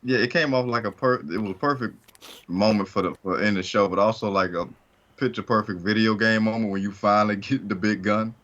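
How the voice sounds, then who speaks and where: A man co-hosting a podcast in relaxed, casual chat, recorded on a dull lo-fi mic. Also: lowish voice, fairly quick. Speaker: podcast co-host.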